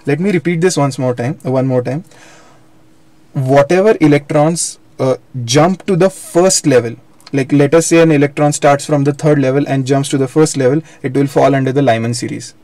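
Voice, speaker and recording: A young male physics teacher with a mellow, mid-range voice gives a live online lecture at a normal speed, with no room sound. He explains things step by step, repeating himself and correcting himself as he goes.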